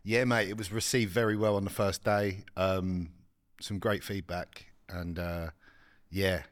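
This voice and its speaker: A man co-hosts a comedy podcast, easygoing and unhurried in his chat. His voice sits a little low and sounds dry and close, with no room around it. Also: little pitch movement, dry recording. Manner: laid-back, easygoing. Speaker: podcast co-host. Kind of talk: casual banter.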